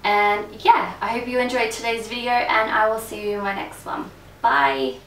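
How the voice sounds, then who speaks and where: A woman's voice: on the high side, moderate pace, fairly bright tone, soft background music. A woman, chatting candidly to camera as a beauty vlogger and swearing freely. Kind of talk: casual to-camera chat. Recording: echoey room, mic a bit distant.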